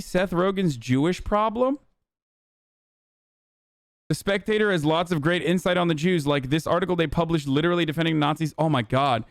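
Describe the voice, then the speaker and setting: Young male streamer, pitched a bit high, smooth and clear, rants with constant swearing; dry close-mic sound. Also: moderate pace, dry recording. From Turkey. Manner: profane, animated ranting. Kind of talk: casual live-stream commentary.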